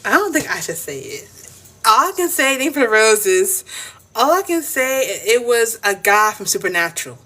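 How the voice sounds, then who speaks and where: A woman's voice: a little high, very animated, moderate pace, bright, forceful tone, a little hiss or hum. A young woman chatting casually on a live stream, giggling, teasing and repeating herself. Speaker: TikTok livestreamer.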